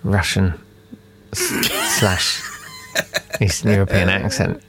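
A man's voice: sits low, steady tone, slow pace, a bit bright. A man hosting a podcast, chatting casually in a jokey, rambling way. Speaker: podcast host. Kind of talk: casual chat.

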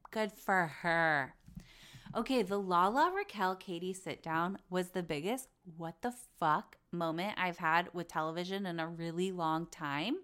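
A woman's voice: fairly low pitch, normal speed, few pauses, a bit bright. A woman hosting a podcast, chatting casually about reality TV gossip, blunt and full of swearing. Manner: chatty, blunt, swears freely, acts out quotes. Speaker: podcast host.

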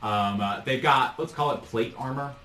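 A man's voice: mid-range voice, moderate pace, bright, forceful tone. A man narrating as game master in a tabletop role-playing session, loose and full of fillers. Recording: echoey room, mic far off, faint noise.

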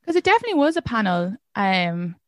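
Animated Irish woman telling stories. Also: medium pitch, fast talker, no echo, studio quality. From Ireland. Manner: animated storytelling, swears freely, laughs often. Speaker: comedian guest. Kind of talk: casual podcast chat.

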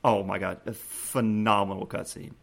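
His lowish, creaky voice moves at a moderate pace as he co-hosts a casual gaming podcast. He retells a game scene with animated flair, restarting often and acting out quoted prompts, all while laughing and choked up.

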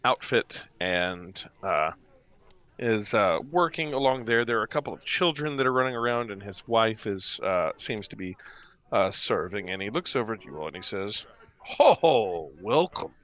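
A man narrating as game master of a tabletop game, pausing often with fillers as he describes the scene. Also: on the low side, animated, bright, forceful tone. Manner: hesitant, many fillers while describing the scene.

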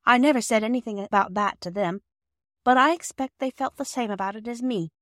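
A gentle, earnest young girl, put on by a woman narrating a classic children's novel. Her voice climbs noticeably high and childlike above the reader's own. She talks softly and sincerely, in a close, dry recording. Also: a little fast, dry recording, lightly acted. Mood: earnest, tender. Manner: childlike, raised higher voice.

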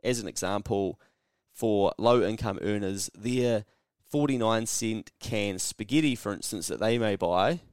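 On his casual solo podcast monologue, a New Zealander speaks bluntly, sarcastically and with plenty of swearing, slipping into mock conversations. His voice is a little low, smooth and unhurried. The recording is dry and close, with no room sound around it.

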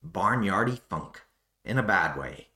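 A man's voice: deep voice, expressive, a little slow, bright, forceful tone, full character voice. An Irishman putting on a fussy American wine snob. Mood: sniffy, deadpan. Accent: put-on North American, clumsy. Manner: dry tasting-note delivery in clipped phrases. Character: fussy American male wine connoisseur reviewing. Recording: roomy echo.

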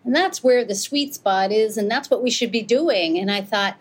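A woman's voice: on the high side, normal speed, few pauses, rough recording. A middle-aged American woman, an avalanche rescuer and author, telling her story in an interview and acting out the quoted exchanges. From United States. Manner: animated, acts out quoted exchanges.

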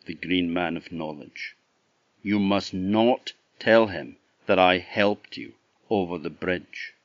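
A man's voice: on the low side, no echo, highs cut off, heavily acted. A man voicing a young woman who is an enchanted swan, speaking in a pleading, insistent way.

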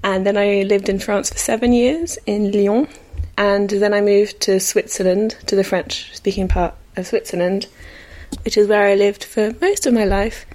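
A woman's voice: medium pitch, fairly even intonation, normal speed, darkish tone. A woman with an English accent, a podcast guest who chats casually and laughs at herself. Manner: chatty, self-deprecating, laughs often. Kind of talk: casual interview chat.

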